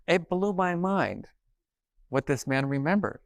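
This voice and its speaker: A middle-aged man giving a conference keynote, telling stories and acting out quoted dialogue in an animated way. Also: fairly high pitch, unhurried, vocal fry, no room sound. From New York. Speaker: keynote speaker. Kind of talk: conference talk, storytelling. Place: conference stage.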